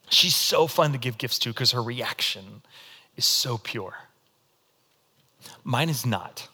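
A man preaching a sermon as pastor, telling stories in a demonstrative, animated way. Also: medium pitch, a little slow, long pauses, slightly rough.

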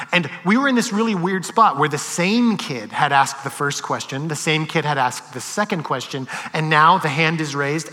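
A male pastor with a fairly high, bright and forceful voice. He preaches with stories, getting loud and animated at times and dropping to slow near-whispers. A long reverb trails his words through the hall. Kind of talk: sermon with storytelling.

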